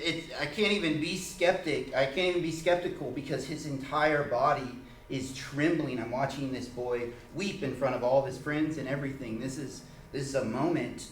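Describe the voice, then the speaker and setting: A man leading an informal church teaching, telling a personal story in an earnest, halting way with many restarts. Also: mid-range voice, a bit bright. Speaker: church group leader. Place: church meeting room. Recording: echoey room, mic far off, faint hiss.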